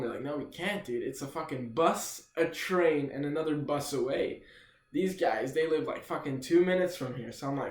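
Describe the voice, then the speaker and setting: A man's voice: medium pitch, a little fast. A young man telling a rambling, profane story in a casual storytime video, tossing in "dude" constantly. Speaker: vlogger. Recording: echoey room.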